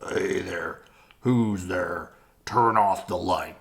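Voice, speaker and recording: A woman voicing a cranky, sleepy nocturnal bat in a storybook, with a gruff, grumbly voice. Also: rumbling low, huge pitch swings, slow, fairly bright tone, heavily acted. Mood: grouchy.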